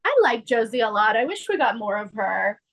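A woman's voice: a little high, very animated, fairly quick. A woman co-hosting a casual chat, chiming in with short, playful reactions. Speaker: podcast co-host.

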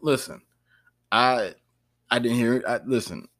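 A man hosting a casual podcast, talking in an animated way and laughing easily. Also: mid-range voice, dry recording, clean studio sound. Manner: animated, flustered, quick to laugh. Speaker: podcast host.

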